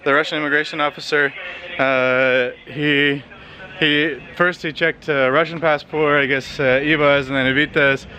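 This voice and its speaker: A man's voice: a little high, normal speed. Tired man vlogging on a city street. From Canada. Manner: relaxed, rambling with many fillers. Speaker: travel vlogger. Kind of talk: casual travel vlog narration. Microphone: handheld compact camera.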